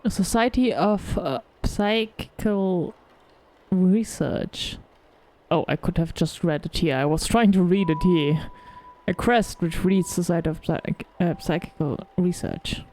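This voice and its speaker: A woman playing through a mystery game and reading its text aloud, her tone low and mellow. She talks casually and often trips over a word and starts it again. There is nothing theatrical about it; it sounds like her own everyday voice. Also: a little slow, a little hiss or hum. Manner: casual, stumbles and restarts words. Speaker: game streamer.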